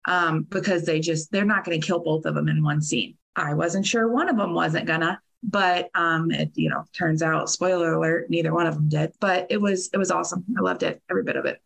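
A blunt, excitable woman talking casually on a podcast panel, swearing freely. Her voice sits somewhat low for a woman. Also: brisk, creaky, few pauses, husky, poor audio. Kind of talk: casual chat.

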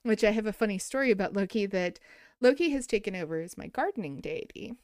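A woman hosting a podcast, chatting casually and telling animated stories with frequent laughter. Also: mid-range voice, quick pace, dry recording, studio quality. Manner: animated storyteller, laughs often. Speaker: podcast host.

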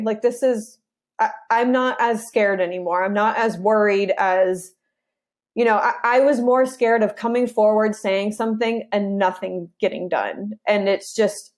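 Young woman animatedly retelling her story. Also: medium pitch. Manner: animated retelling, acting out her side of conversations. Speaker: interview guest. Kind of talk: casual personal storytelling.

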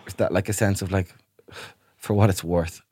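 A man's voice: deep voice, steady tone, moderate pace, darkish tone, slightly rough, no echo. A man, co-hosting a comedy podcast and telling rambling stories. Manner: rambling storytelling, improvises characters. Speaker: podcast co-host. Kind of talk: casual comedy chat.

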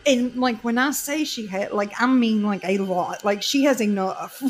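A woman's voice: on the high side, moderate pace. Chatty Southern woman telling stories. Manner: animated, laughing storyteller with lots of fillers. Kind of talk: casual storytelling chat.

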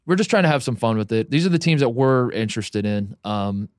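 A man co-hosting a sports podcast in casual chat, with a wry, dry way of deflating the story. His voice sits at an ordinary middle pitch. The sound is close and dry, with no room around it. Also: animated, brisk, no echo. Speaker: podcast co-host.

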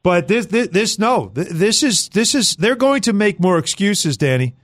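A man co-hosting sports radio talk, emphatic and animated, often repeating words as he starts a point. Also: high voice, moderate pace, no echo, clean studio sound.

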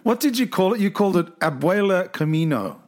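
A man's voice: sits high, lively intonation, a little fast. A man interviewing a guest, asking questions with encouraging, enthusiastic responses. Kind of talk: conversational interview.

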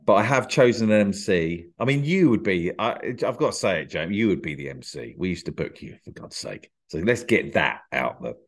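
A man's voice: low voice, lively intonation, fairly quick, hardly any pauses. A man guesting on a podcast, talking shyly with dry, self-deprecating humour. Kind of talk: casual podcast interview.

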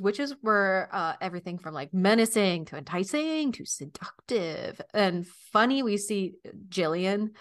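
Woman, 30s, podcast co-host, casual filler-heavy chat, mid-range pitch. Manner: chatty, filler-heavy, quick asides.

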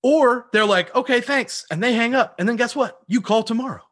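A man sharing cold-calling tactics in an interview, animated, laughing often and acting out both sides of phone calls. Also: very high-pitched, brisk, no room sound, clean studio sound. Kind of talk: energetic sales talk with acted-out call examples.

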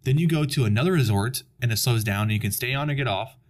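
A man's voice: medium pitch, fast. A young adult man chatting casually on a podcast, telling a long story and acting out the people in it. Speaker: podcast guest. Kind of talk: casual chat.

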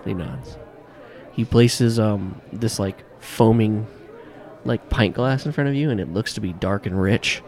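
A man runs a tabletop game as game master, narrating haltingly with lots of fillers and restarts. His voice is lowish and a little mellow.

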